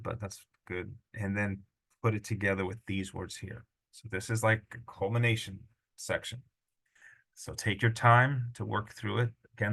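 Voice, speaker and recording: A man's voice: fairly low pitch, gravelly, fairly bright tone. A middle-aged man teaching a language lesson, patiently sounding out syllables and correcting himself as he goes. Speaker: Greek teacher. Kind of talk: screen-recorded lesson.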